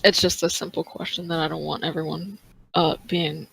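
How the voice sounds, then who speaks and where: Gravelly, hesitant tabletop player. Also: mid-range voice, flat delivery, moderate pace, fairly bright tone, low-quality recording. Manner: hesitant, giggly, thinking aloud. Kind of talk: in-character tabletop role-play.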